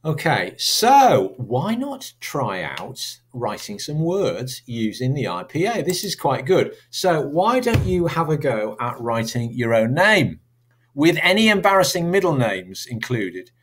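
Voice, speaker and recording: A man's voice: mid-range voice, sing-song, measured pace, fairly bright tone, a little hiss or hum. A man teaching a recorded slideshow lesson in a chatty, informal way, drawing out example sounds.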